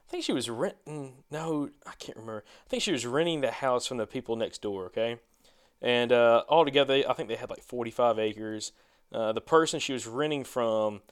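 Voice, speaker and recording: A man's voice: mid-range voice, clear, resonant tone. A man on a hunting podcast telling a long casual story, rambling with many fillers and restarts. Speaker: podcast co-host.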